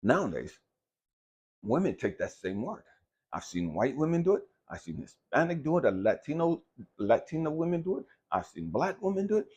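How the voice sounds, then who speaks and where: A man giving an impassioned motivational talk, preachy and profane, swinging from low musing to loud outbursts. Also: sing-song, normal speed, husky. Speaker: motivational speaker.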